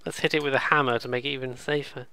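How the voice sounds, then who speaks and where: A man's voice: medium pitch, steady tone, fast talker, vocal fry, bright, forceful tone, smooth, dry recording. A man hosting a let's play, giving casual, sarcastic, rambling gameplay commentary. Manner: sarcastic, swears freely, rambling.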